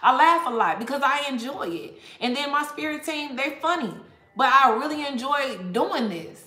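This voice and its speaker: A woman's voice: high voice, expressive, moderate pace, sharp tone, roomy sound. Profane, laughing woman tarot reader. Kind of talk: casual tarot reading livestream rant.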